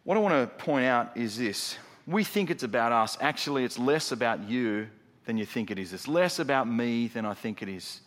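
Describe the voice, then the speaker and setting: Middle-aged male pastor, mid-pitched, emphatic sermon delivery, long church reverb. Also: animated, normal speed. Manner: emphatic, rhetorical questions, swings from loud to hushed.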